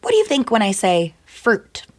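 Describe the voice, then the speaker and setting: A woman interviewer asking a run of rapid-fire questions in an upbeat, brisk way. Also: mid-range voice, wildly swooping pitch.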